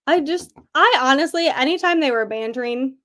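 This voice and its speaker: A young woman with a high voice talks through a book in a relaxed, chatty way. She laughs often and fills her sentences with little filler words. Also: normal speed. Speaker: book club discussion participant. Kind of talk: casual book discussion.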